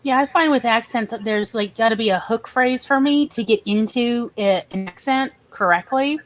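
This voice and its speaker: A woman's voice: a little high, moderate pace, dry recording, rough recording. A woman joining a casual stream chat, chatty and encouraging. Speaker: stream guest.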